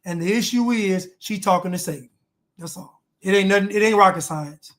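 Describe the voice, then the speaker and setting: A man's voice: sits high, a little fast, fairly bright tone. A man reacting to clips with blunt, emphatic commentary, repeating lines for emphasis.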